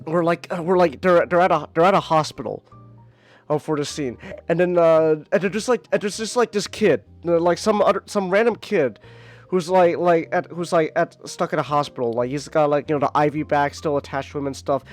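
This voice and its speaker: A podcast host in casual, rambling comic-review chat, animated and swearing freely, leaning on filler words. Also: medium pitch, fairly quick, soft background music.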